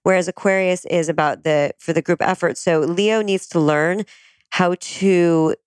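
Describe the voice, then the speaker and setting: A woman explaining astrology in a calm, conversational way, often agreeing with her guest. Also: fairly low pitch, measured pace, clear, resonant tone, no echo.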